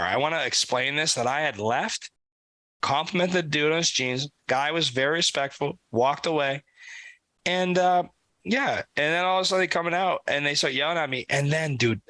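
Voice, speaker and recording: A young man co-hosting a podcast, telling an animated, profane story in casual chat. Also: medium pitch, dry recording, poor audio. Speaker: podcast co-host.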